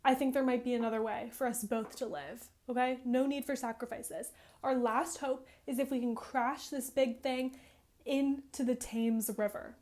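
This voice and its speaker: An earnest young engineer hero talks plainly and protectively to the girl he is saving, voiced by a woman retelling the game. The voice stays fairly high and casual, close to her own. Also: steady tone, normal speed, darkish tone, close to an everyday voice. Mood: hopeful.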